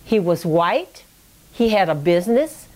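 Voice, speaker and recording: A woman's voice: lowish voice, sing-song, measured pace, darkish tone. A woman recounting a relative's history in an oral history interview, talking in a reflective, digressive way and checking in with "you know" and "okay?".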